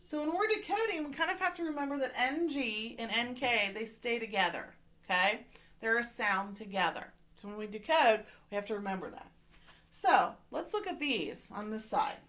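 A woman's voice: fairly high pitch, expressive, normal speed, fairly bright tone. A woman teacher giving a remote reading lesson to children, patient and encouraging, often checking in with "okay?".

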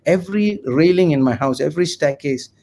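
A man's voice: a little high, fairly quick, creaky, dark tone. Impassioned Malaysian English man. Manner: impassioned, ranting, argumentative. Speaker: lawyer and writer guest. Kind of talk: online video interview.

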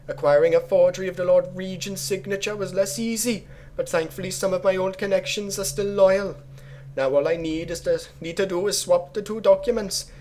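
Man doing a tired, scheming game assassin, raised voice, drifting put-on accent, slow and deliberate. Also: high voice, a little mellow, slight background noise, voice pushed up, close to an everyday voice. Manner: strained, wandering put-on accent. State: fatigued. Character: scheming male assassin plotting revenge.

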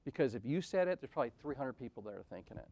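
A man's voice: mid-range voice, very animated, racing, darkish tone. Candid self-deprecating man in his forties. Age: 40s. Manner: self-deprecating and conversational, with frequent "right?" asides. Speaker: conference speaker. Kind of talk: candid storytelling talk. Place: event venue.

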